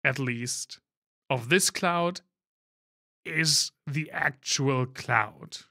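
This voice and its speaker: Bright-voiced male streamer thinking aloud. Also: medium pitch, drawn-out words, vocal fry. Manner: thinking aloud, rambling with fillers and restarts. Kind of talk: live-stream gameplay commentary.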